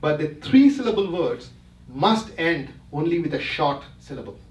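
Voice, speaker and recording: A man's voice: fairly high pitch, sing-song, moderate pace, slight background noise. A man giving a talk to a retreat audience, explaining step by step and often checking that listeners follow along. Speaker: presenter. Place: retreat hall. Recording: roomy hall, mic from a distance.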